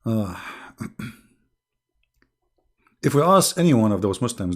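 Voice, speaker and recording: Slow and sing-song, with long pauses, this livestream host's fairly low voice carries a mocking, sarcastic monologue of commentary punctuated by frequent throat-clearing.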